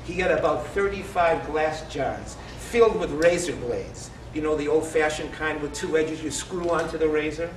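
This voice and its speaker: A man's voice: a little high, fairly bright tone, a little hiss or hum. A man in his sixties reading a comic family story aloud at a live event, with a wry delivery and punchlines. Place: live event in a store showroom. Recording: echoey room, distant mic.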